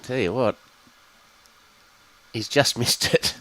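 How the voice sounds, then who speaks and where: A man commentating live lawn bowls, calling each shot in a measured way and weighing up the players' options. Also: medium pitch, sharp tone, no echo, poor audio. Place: bowls club.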